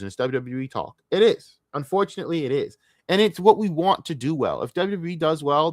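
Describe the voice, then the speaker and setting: A man's voice: medium pitch, a bit bright, dry recording, studio quality. Frustrated, cursing man ranting on stream. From United States. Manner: frustrated, profane, repetitive stammering restarts. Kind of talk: casual ranting livestream.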